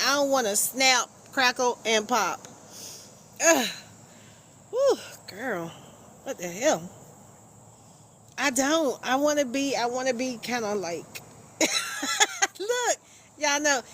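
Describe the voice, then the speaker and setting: A woman's voice: sits high, bright, forceful tone, a little hiss or hum. A woman hosting a casual live stream, chatting with viewers, teasing and laughing often.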